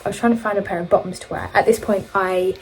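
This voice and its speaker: A woman's voice: medium pitch, fairly even intonation, quick pace, darkish tone, a little hiss or hum, poor audio. A young woman vlogger telling a long story in casual chat, rambling and correcting herself as she goes. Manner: rambling, self-correcting, chatty.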